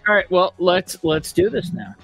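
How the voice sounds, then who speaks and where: A man's voice: sits high, very animated, normal speed, fairly bright tone, faint music behind. A man hosting a casual group show, running polls and looking things up with a wry manner. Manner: wry, running the poll and searches. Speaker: host.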